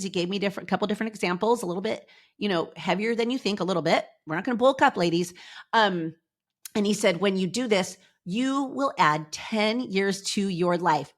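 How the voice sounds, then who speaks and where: A bubbly middle-aged woman hosts a motivational podcast with a chatty, animated delivery. Her voice sits at a middle pitch and comes through a close podcast mic. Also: brisk. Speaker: podcast host. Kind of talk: upbeat motivational podcast talk.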